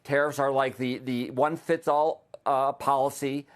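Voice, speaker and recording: A man's voice: medium pitch, steady tone, measured pace. An American man, an economic policy analyst, answering questions in a live TV news interview with frequent restarts and fillers. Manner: hesitant, many restarts and fillers.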